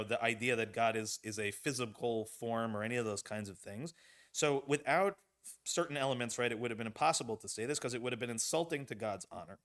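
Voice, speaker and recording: A man teaching a text study as rabbi, speaking from the front of a synagogue sanctuary at a middle pitch. His delivery is conversational and explanatory, with frequent check-ins to the group and a relaxed, unhurried flow.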